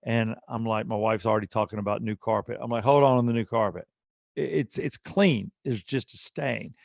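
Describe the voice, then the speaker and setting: A middle-aged man with a gravelly, fry-edged voice tells a story on a podcast and slips into animated impressions of everyone in it. The recording is dry and slightly dull, close and without room sound. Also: on the low side, a little fast, dry recording. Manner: animated storyteller, acting out quotes. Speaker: podcast co-host. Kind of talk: casual storytelling chat.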